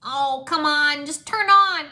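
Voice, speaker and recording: A woman puts on a young male ninja bursting with excitement, his voice shooting high and bright. He gushes and squeals over an old game, shrill and breathless with eagerness. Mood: eager. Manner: shrill, gushing, fast-excited.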